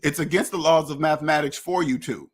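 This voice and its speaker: A man's voice: on the high side, brisk. A man hosting a finance talk, lecturing bluntly and acting out imagined conversations, now and then swearing. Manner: blunt, preachy, acts out imagined dialogues; profane. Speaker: finance podcast host. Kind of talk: casual monologue.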